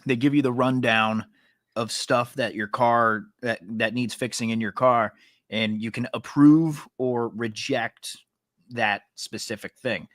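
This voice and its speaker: A man's voice: medium pitch, steady tone, unhurried, a bit bright, no room sound, clean studio sound. A man co-hosting a podcast in casual, teasing chat, laughing often. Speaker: podcast co-host.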